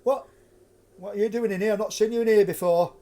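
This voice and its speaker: A man's voice: high voice, steady tone, brisk, close to an everyday voice. A man voicing a drunk, rowdy pub ruffian who jeers and taunts in a sing-song way. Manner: loud jeering sing-song taunt, attempted Yorkshire.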